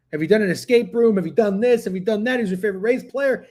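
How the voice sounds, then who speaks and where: A man's voice: high voice, fast, few pauses, a little mellow. A man hosting a sports betting livestream, talking casually and profanely, speaking straight to his chat. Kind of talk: casual live-stream chat.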